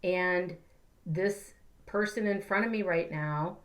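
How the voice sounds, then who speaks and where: A woman who works as a life coach and therapist gives a casual spiritual teaching talk in a fairly low voice at a slow pace. She's earnest and conversational, acting out examples in her own voice.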